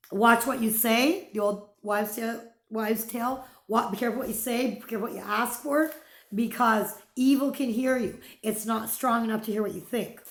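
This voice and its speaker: A woman vlogger telling a personal ghost story in a casual, dramatic way, dropping to whispers and swearing freely. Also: a little high. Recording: echoey room.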